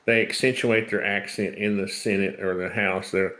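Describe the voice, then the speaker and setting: A man from Tennessee with a Southern accent, co-hosting a casual livestream in a relaxed, joking way. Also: fairly low pitch, normal speed, rough recording. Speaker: co-host. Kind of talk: casual live-stream chat.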